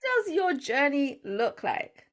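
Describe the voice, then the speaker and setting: A woman's voice: high voice, sing-song, slow. A woman hosting a podcast interview, talking in an effusive, gushing way about her guest. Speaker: podcast host. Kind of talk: enthusiastic interview chat.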